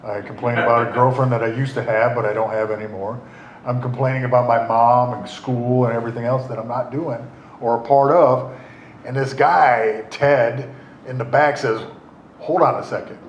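A man's voice: medium pitch, fairly even intonation, moderate pace, lo-fi sound. A middle-aged man telling his recovery story in a rambling, wry way, full of fillers and restarts. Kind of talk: casual spoken storytelling. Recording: roomy echo, faint noise.

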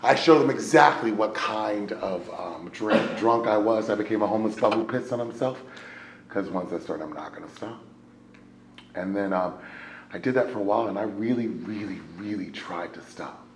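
A man telling a personal testimony to a live audience as an animated storyteller. His delivery swings from loud excitement to hushed near-whispers. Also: on the low side, normal speed, a little hiss or hum. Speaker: speaker sharing his recovery story. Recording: echoey room.

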